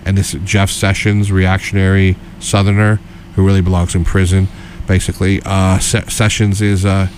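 A man's voice: low voice, little pitch movement, normal speed, a little mellow, slight background noise. A middle-aged man co-hosting a political radio show, talking casually and rambling with many restarts and fillers.

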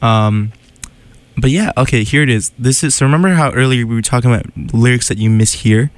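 Animated man hosting a radio show. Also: medium pitch, brisk, no echo. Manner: animated, laughing, incredulous. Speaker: radio host. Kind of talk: casual radio chat.

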